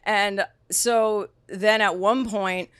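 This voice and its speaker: A woman's voice: mid-range voice, extremely slow, clean tone, no room sound, studio quality. Chatty young woman telling a story. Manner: animated storyteller, acts out quotes, many likes. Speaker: podcast guest. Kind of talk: casual chat.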